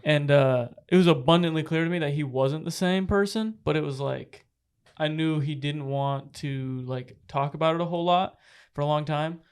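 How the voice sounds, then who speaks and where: A young man tells a story about his roommate on a casual podcast, animated and profane. His voice sits fairly high for a man. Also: moderate pace, smooth. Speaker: podcast co-host. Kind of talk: casual chat.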